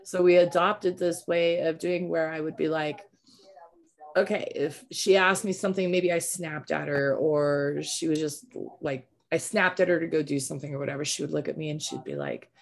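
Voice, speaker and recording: A woman's voice: low-pitched, animated, moderate pace. A middle-aged woman hosting a casual interview chat, rambling and chatty with many fillers. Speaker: podcast host.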